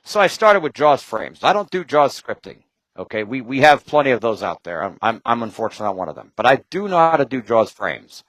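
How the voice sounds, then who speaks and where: A man talking as a guest in casual chat, rambling from point to point with quick asides and jokes. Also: medium pitch, very animated, fairly bright tone, dry recording, low-quality recording.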